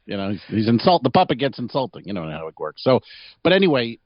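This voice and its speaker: A man co-hosting a comedy podcast, spinning a long anecdote in a loose, rambling way, swearing casually and laughing as he goes. His voice sits at an average pitch. The sound is dry and slightly muffled. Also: very animated, fast, no room sound. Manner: rambling, profane, laughing storyteller. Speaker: podcast co-host.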